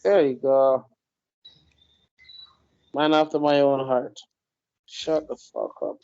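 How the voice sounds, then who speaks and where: A man, co-hosting a casual chat, calm and preachy with frequent agreeing interjections. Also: mid-range voice, takes it slowly, smooth. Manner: laid-back, agreeing, preachy asides. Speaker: podcast co-host. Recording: dull lo-fi audio.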